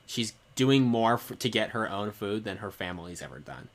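Woman, very deep voice, thoughtful, analytical, casual book chat. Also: animated, normal speed.

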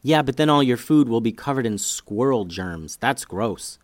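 A man voicing an excitable, dramatic boy who exclaims in a panicky way, in a children's story. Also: mid-range voice, normal speed, dry recording, natural voice. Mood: amazed.

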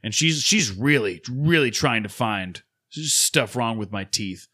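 A man in his thirties with a bright, forceful voice, chatting casually as a podcast co-host. He rambles through a story, swearing freely and acting out the other people in it. His pitch sits in an ordinary middle range. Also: animated, measured pace, breathy edge. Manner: rambling profane storytelling, acts out others' lines. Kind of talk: casual chat.

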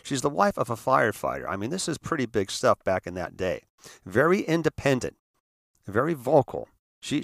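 Earnest halting man telling his story. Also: mid-range voice, a bit bright, no echo, clean studio sound. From San Francisco area, United States. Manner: earnest, halting, with many restarts and repeated words. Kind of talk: personal storytelling talk.

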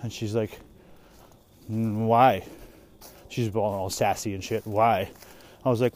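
Young dad rambling and swearing in the woods, mellow low-key voice, keeps trailing off. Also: male voice, steady tone, slow pace, pauses often, a little hiss or hum. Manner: rambling, profane, trailing off and restarting. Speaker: vlogger and parent. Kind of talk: casual monologue while walking outdoors. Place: woods outdoors.

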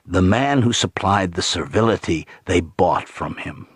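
Deep husky guy reading an audiobook, grave and hushed, dry close sound. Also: animated, measured pace, dry recording. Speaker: narrator. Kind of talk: audiobook narration.

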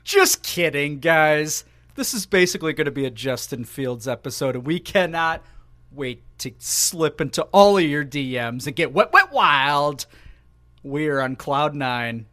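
A man's voice: fairly high pitch, moderate pace, a bit bright, dry recording, clean studio sound. A man co-hosting a casual sports podcast, rambling in a playful, self-mocking way. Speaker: podcast co-host.

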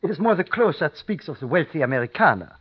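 A courteous innkeeper with a thick German accent, formal and eager to serve, his voice husky and fairly high with a lively swing. It is an old radio drama on a dull, lo-fi recording. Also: fast talker. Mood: obliging. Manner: polite, formal, mixes German into English.

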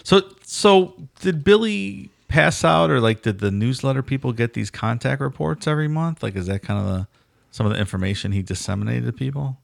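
Gravelly man making wry asides. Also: mid-range voice, fast talker, no room sound, clean studio sound. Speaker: podcast co-host. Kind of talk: casual podcast banter.

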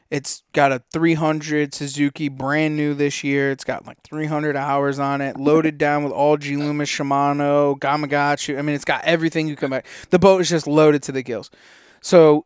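A man's voice: fairly high pitch, smooth, no room sound, studio quality. A man co-hosting a podcast, telling rambling casual stories packed with fillers and swearing. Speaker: podcast co-host. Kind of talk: casual storytelling.

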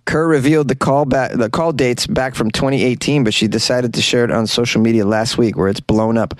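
A man hosting a comedy news podcast, joking around in an animated way and laughing at his own jokes. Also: medium pitch, brisk, no room sound. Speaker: podcast host.

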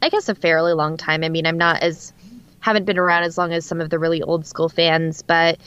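A woman's voice: deep voice, steady tone, brisk, fairly bright tone, smooth. A woman from Alaska speaks in a neutral West Coast American accent, chatting casually as a podcast guest. She talks loosely with plenty of fillers. Her mic sounds a little dull and lo-fi. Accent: General American, West Coast. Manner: chatty, laughs often, lots of fillers. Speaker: guest voice actor.

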